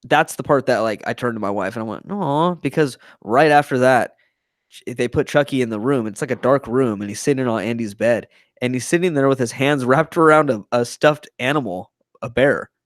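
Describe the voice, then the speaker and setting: A young man hosting a casual movie review podcast, excitedly retelling scenes and acting out the characters' lines. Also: medium pitch, fairly quick, dry recording, studio quality. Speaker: podcast host.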